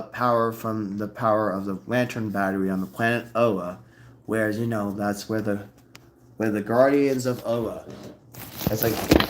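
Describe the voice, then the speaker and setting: Rambling, excitable male video host. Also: mid-range voice, a little hiss or hum. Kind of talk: casual rambling commentary.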